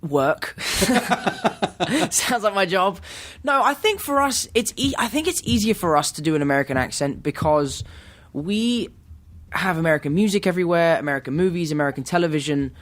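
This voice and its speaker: An eager young man in his twenties, speaking with an English accent. His voice sits a little higher than most men's, and he keeps up a chatty, easygoing flow as a guest on a podcast. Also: animated, moderate pace, fairly bright tone. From England. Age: 20s. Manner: eager, chatty, laughs easily. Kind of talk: casual chat.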